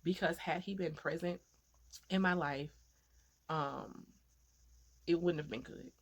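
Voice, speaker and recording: A woman's voice: deep voice, steady tone, slow pace. Earnest woman telling a personal story. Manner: earnest, heartfelt, repeats phrases for emphasis; faith-filled encouragement to listeners. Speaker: vlogger.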